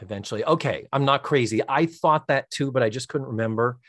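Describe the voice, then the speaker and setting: Male podcast co-host, mid-pitch, dry close-miked sound, lively recap of a sitcom episode. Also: brisk, dry recording. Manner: animated retelling, acting out quoted lines. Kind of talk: casual chat recapping a TV episode.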